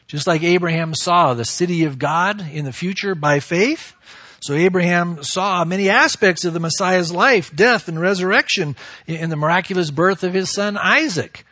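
A man preaching a sermon, reading scripture and acting out the quoted voices with expressive swings. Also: sits high, no room sound, studio quality. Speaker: pastor.

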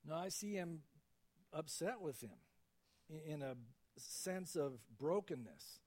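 Speaking slowly and pausing often, a high-voiced man delivers a laid-back, conversational sermon. As a pastor, he takes on the voices of those he quotes.

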